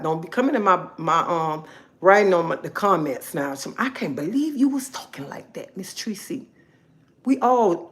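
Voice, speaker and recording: A woman hosting a casual livestream, talking in a bossy, scolding way, repeating herself and checking in with "okay?". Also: lowish voice. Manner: bossy, repetitive, scolding, keeps asking okay. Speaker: livestream host.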